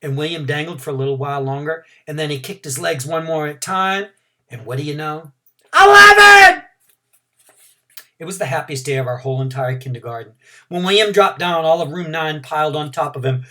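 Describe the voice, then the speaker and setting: A man, a teacher, reading a children's storybook aloud in an animated, expressive way. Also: a little high, fairly quick.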